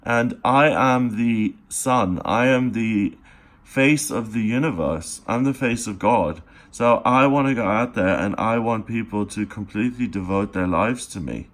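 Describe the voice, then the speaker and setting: A man giving a daily tarot reading, speaking straight to the listener in an earnest, encouraging way, unhurried, with pauses and fillers. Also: lowish voice, fairly bright tone. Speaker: tarot reader.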